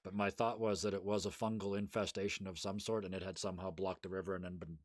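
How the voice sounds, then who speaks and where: Low-voiced man thinking aloud in a game. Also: flat delivery, fast, no echo, studio quality. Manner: thinks aloud with fillers and restarts while planning moves. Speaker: tabletop game player. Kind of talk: casual role-play chat.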